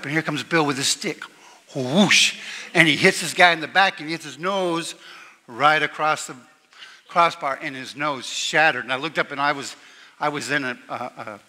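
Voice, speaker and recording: Bright-voiced man speaking in an echoing hall. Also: medium pitch. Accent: Southern US slip. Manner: halting storytelling with fillers and restarts. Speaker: eulogist, younger brother of the deceased. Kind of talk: memorial speech with personal anecdotes. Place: church hall at a memorial service. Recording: long reverb from a large hall.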